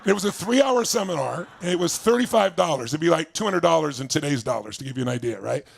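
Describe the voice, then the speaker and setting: A motivational speaker, a man, tells a personal story to an audience in an energetic way and acts out the voices of the people in it. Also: on the high side, quick pace, gravelly.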